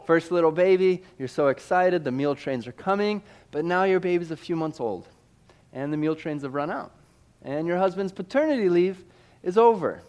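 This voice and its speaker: A man from Missouri telling a lively personal story in a sermon, acting out sound effects and voices. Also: high-pitched.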